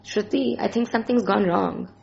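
A worried male tech worker who talks hesitantly and haltingly, as a woman reads him in a storybook reading. His voice has a heavy gravelly fry, and the recording sounds dull. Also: mid-range voice, a little mellow.

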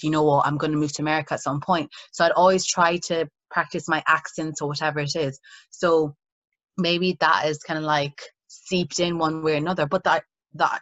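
Young irish woman chatting on a podcast, lowish voice, dry close sound. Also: no echo, muffled recording. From Nigeria. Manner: animated, quick storytelling with frequent fillers. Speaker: podcast co-host. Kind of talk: casual chat.

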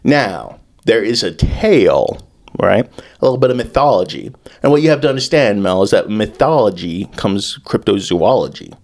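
A man's voice: on the low side, sing-song, normal speed, darkish tone. A man co-hosting a podcast, rambling and joking with plenty of profanity. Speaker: podcast co-host. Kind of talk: casual comedic chat.

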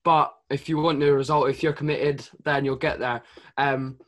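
A man's voice: medium pitch, flat delivery, moderate pace, fairly bright tone. A man co-hosting a casual fitness podcast, earnest and agreeable, giving tough-love advice.

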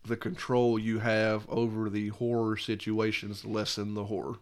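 A man's voice: on the low side, little pitch movement, normal speed, clean tone. A man co-hosting a casual video game podcast, blunt and opinionated. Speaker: podcast co-host. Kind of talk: casual chat.

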